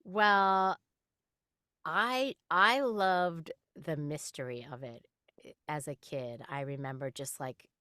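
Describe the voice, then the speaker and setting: A woman voice actress chatting in an interview, her voice sitting a little low for a woman. She is animated and talkative, laughing easily between thoughts. The sound is close and dry. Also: slow, clean tone, no room sound. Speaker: voice actress guest. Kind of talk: casual interview chat.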